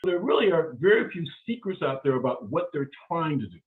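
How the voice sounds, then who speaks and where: A man giving a live career seminar in an energetic, emphatic way, driving points home with short repeated phrases. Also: on the high side, fairly quick. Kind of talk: motivational seminar talk. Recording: phone-like narrow band.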